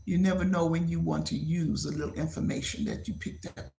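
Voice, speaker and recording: A woman's voice: low voice, fairly even intonation, a little fast, vocal fry, warm tone. A woman in her seventies talking bluntly to viewers on a casual livestream, often repeating herself. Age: 70s. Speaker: livestream host.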